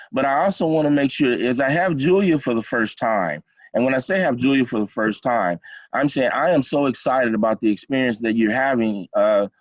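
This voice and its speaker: A man's voice: medium pitch, dry recording. A middle-aged man leading an online class, encouraging and repeating himself with many fillers over a video call. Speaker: college program instructor. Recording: dull lo-fi video call audio.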